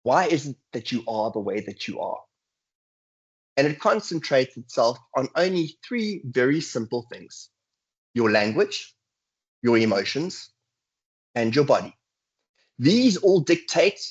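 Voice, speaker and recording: A man's voice: mid-range voice, slightly rough. A man giving a guest lecture in a webinar, speaking earnestly and acting out inner voices with sighs. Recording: dull, lo-fi video call audio.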